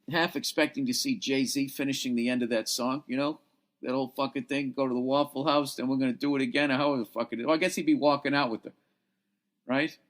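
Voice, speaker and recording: A man's voice: mid-range voice, fairly bright tone. A man hosting his podcast, telling a long profane story in a rambling, exasperated way, tired and worn out. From United States. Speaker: podcast host. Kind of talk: casual storytelling monologue. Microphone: podcast mic at a laptop.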